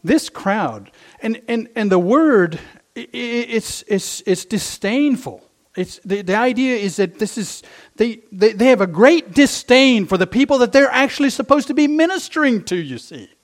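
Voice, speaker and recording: A man's voice: extremely high pitch, animated, normal speed. A middle-aged male pastor preaching a sermon, impassioned and emphatic, repeating his phrases for effect.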